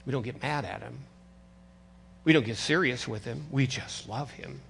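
An older man preaching a sermon as pastor, conversational and animated, teasing his congregation. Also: mid-range voice, moderate pace, gravelly, husky.

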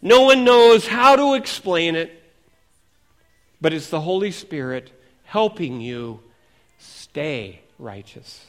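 A male pastor preaching a sermon in a lively way, asking his congregation questions. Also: a little high, takes it slowly. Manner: animated, asks the congregation questions.

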